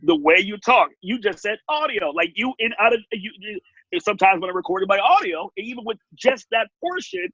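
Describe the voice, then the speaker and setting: Animated high bright-voiced warm-up host. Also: male voice, normal speed, husky, no echo. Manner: animated, big swings in pitch and loudness. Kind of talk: casual video-call interview. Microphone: video call. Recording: dull lo-fi video-call audio.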